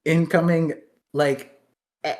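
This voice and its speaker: A man's voice: on the high side, flat delivery. A man in his thirties co-hosting a podcast, rambling and joking with frequent laughter. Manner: laughing, rambling, quick jokey asides. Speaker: podcast co-host. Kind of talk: casual chat.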